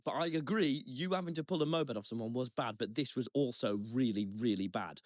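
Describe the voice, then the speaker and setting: A young man co-hosting a chat podcast in Brighton tells a rambling, self-deprecating anecdote full of restarts. His mid-range voice is brisk, recorded with clean studio sound and no echo.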